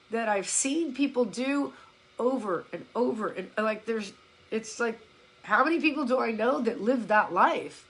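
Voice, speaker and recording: A woman with a high, bright voice coaches her viewers on a live stream. She talks bluntly and with emphasis, curses offhandedly, and mimics the excuses people give her. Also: slightly rough, rough recording. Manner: blunt, emphatic, swears casually, acts out followers' complaints. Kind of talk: casual motivational live-stream talk. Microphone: phone or laptop.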